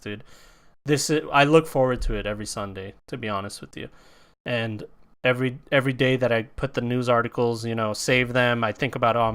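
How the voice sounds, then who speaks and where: A man's voice: medium pitch, a bit bright, smooth. A young man co-hosting a video game podcast, laid-back and swearing freely in casual chat. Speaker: podcast co-host.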